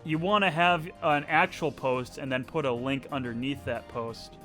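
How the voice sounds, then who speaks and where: A man's voice: medium pitch, moderate pace, bright, forceful tone, soft background music. A young man streaming a game, chatting casually and rambling as he plays. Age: young adult. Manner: chatty, rambling, often laughing. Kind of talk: casual let's-play chat.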